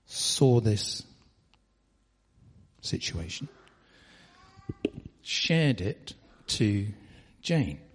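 Husky guy pastor talking slow in a big echoey church. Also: on the low side. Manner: relaxed, chatty, drawn-out pauses. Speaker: pastor leading the meeting. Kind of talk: informal preaching. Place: church hall.

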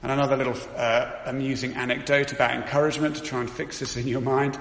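A man's voice: mid-range voice, level tone, fast, a bit bright. A middle-aged man giving an earnest sermon testimony, telling a story with frequent restarts. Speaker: preacher. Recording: roomy hall with long reverb.

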